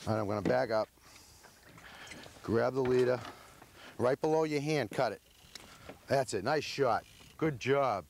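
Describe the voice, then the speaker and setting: Excited man on a noisy boat. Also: medium pitch, unhurried, creaky, long pauses. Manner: coaching, exclaiming over the catch. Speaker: fishing show host. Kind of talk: excited on-the-spot boat commentary. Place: open boat at sea. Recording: loud wind and engine noise outdoors.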